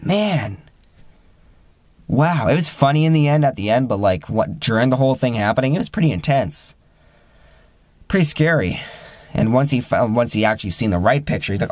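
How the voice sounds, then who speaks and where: A young man with a mid-range voice tells a personal story in a rambling, casual way, full of fillers and restarts. He raises his pitch when he acts out the friends he quotes. The sound is dry and close, with no room echo. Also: expressive, normal speed, pauses often, a little mellow.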